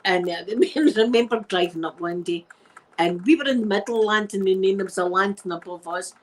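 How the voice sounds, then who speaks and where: A middle-aged Glaswegian woman spins stories in an easygoing ASMR chat. Her voice sits at an ordinary pitch for a woman, and her speech is sprinkled with Scots words. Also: fairly quick, poor audio. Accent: Glaswegian Scottish. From Scotland. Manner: chatty anecdotal storyteller using Scots words. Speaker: ASMR creator.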